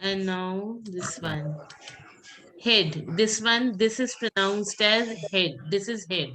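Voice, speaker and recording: Woman, French teacher, very slow, patient repeat-after-me drilling. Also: mid-range voice, bright, forceful tone, slight background noise. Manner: patient, repeats each word slowly for students. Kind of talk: classroom pronunciation drill.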